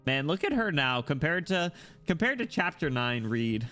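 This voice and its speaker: A man's voice: fairly high pitch, sing-song, normal speed, sharp tone, soft background music. A man streaming a game, chatting casually and jokingly while reading the story aloud. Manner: chatty and jokey, reads game text aloud.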